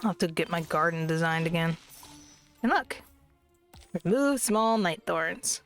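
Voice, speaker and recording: A woman's voice: on the low side, animated, measured pace, faint music behind. A woman chatting casually through a let's play, grumbling about lag and joking at her own expense, recorded on a desk microphone. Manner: chatty, complaining about lag, self-deprecating. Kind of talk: casual game commentary. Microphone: desk microphone at a computer.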